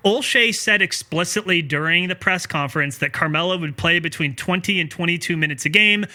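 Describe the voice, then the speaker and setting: A man hosting a casual sports podcast, chatty and quick to argue his point with a laugh. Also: fairly high pitch, sharp tone. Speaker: podcast host.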